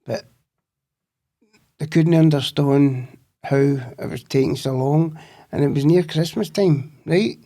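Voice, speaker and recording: A Scottish man with a gravelly, rough-edged voice tells a long, meandering story. His tone sits dark and low in warmth, and he swears freely as he goes. He talks like a guest in relaxed conversation. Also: takes it slowly, pauses often. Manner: swears freely, rambling anecdotes. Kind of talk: casual storytelling.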